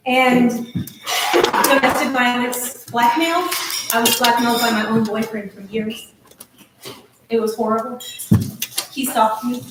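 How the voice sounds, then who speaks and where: A woman's voice: high-pitched, heavy background noise. Earnest woman speaking in an echoey room. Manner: earnest, nervous, with restarts and laughs. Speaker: speaker at a meeting. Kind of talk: emotional speech. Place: meeting hall. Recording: echoey room recorded from a distance.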